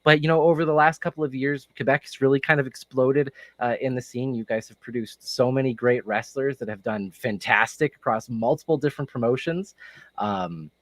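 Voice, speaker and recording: A man's voice: medium pitch, moderate pace, dry recording. A man from Alberta hosting an interview, asking upbeat, friendly questions. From Alberta, Canada. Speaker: interview host. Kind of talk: casual interview.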